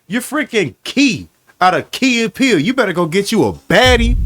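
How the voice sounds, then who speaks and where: Fired-up guy reacting to a clip, slangy, kinda high voice that swings all over. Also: normal speed. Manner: excitable, heated, slangy. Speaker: reaction video host. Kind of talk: casual reaction commentary.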